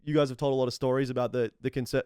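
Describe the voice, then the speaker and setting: An Australian man telling stories in a casual podcast chat, animated and quick. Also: mid-range voice, clean tone, dry recording, clean studio sound. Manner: animated storyteller. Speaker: podcast guest.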